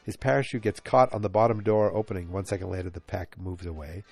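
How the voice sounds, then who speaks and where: Guy with a stuffed-up nasal voice rambling on his podcast, kinda low, mellow tone, recorded on his couch with a little recorder. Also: steady tone, fast talker, gravelly, dry recording. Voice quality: nasal, congested. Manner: chatty, thinking aloud, easily sidetracked. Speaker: podcast host. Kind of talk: casual solo podcast chat. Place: living room couch at home. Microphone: handheld voice recorder.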